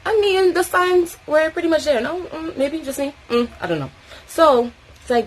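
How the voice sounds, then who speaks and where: A young woman from New City, telling a personal story in a chatty, expressive way, swearing freely and acting out what people said. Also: a little high, moderate pace, husky, poor audio. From New York City. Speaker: vlogger. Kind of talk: casual storytime, get-ready-with-me.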